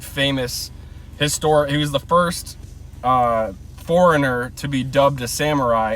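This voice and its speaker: A man's voice: medium pitch, far from the mic. A man vlogging from inside a car, giving a blunt, rambling opinion rant full of filler words.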